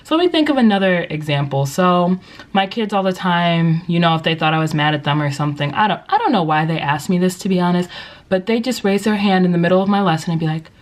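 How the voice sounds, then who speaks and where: A woman's voice: fairly low pitch, quick pace. A young woman who teaches English, giving casual advice in a vlog, chatty and upbeat with lots of likes and you-knows. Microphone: compact vlogging camera.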